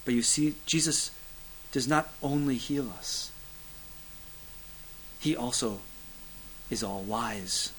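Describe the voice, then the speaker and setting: A man preaching a sermon, building to loud emphatic peaks, then dropping to hushed, low lines, with a repetitive preaching cadence and occasional fillers. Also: takes it slowly, long pauses, a little hiss or hum, low-quality recording. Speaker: pastor.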